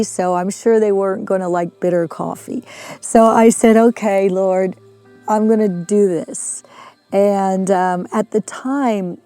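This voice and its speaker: A middle-aged woman preaching a sermon, telling a story earnestly with frequent restarts and dropping to a hush. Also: mid-range voice. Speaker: missionary preacher.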